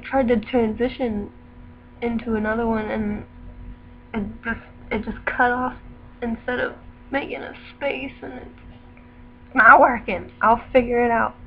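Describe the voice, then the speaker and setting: A teenage girl vlogging at home, rambling and laughing at herself. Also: fairly high pitch. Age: late teens. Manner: rambling, self-deprecating, filler-heavy. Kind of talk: casual vlog chat. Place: at home indoors. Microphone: webcam. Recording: dull lo-fi webcam audio with noise.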